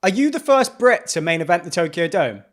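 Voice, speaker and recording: A man hosting a casual interview and asking halting questions full of fillers. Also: sits high, sing-song, a bit bright. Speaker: host.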